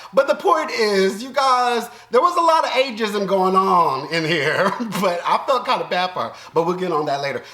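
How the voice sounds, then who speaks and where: A man with a Southern US accent giving animated, joking commentary as a YouTube reaction host, breaking into loud outbursts and laughter. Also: sits high, roomy sound. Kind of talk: casual commentary.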